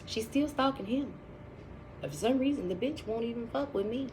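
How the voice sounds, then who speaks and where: A woman's voice: fairly high pitch, expressive, moderate pace, background noise. A woman telling a personal story in a casual vlog, blunt and chatty, full of profanity and dramatic asides.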